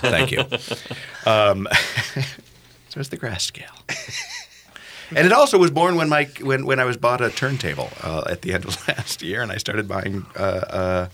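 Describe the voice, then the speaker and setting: A man's voice: fairly low pitch, animated, unhurried, bright, forceful tone, a little hiss or hum. A man hosting a podcast in casual chat, playful and rambling, with lots of filler words. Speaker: podcast host.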